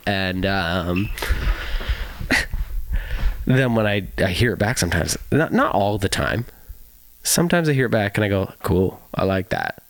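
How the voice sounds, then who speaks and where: A man's voice: lowish voice, very animated, measured pace, long pauses, no room sound. A male musician in casual podcast chat, talking animatedly, laughing often and swearing freely.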